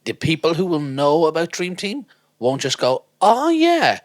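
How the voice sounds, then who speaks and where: A man co-hosting a podcast, chatting casually and telling animated stories. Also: a little high, moderate pace, no echo. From Ireland. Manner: animated storyteller, slips into voices. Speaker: podcast co-host. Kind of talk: casual chat.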